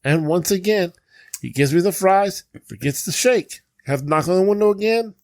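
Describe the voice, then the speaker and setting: High-voiced exasperated man telling a story. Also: animated, moderate pace, a little mellow, no room sound. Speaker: listener sending in a story. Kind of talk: recorded voice message.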